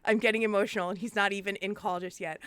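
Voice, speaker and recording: Excitable woman streamer, dry close sound. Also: medium pitch, fast, clean tone, dry recording. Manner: excitable, gushing, swears freely. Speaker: streamer and interview host. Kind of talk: casual live-stream chat.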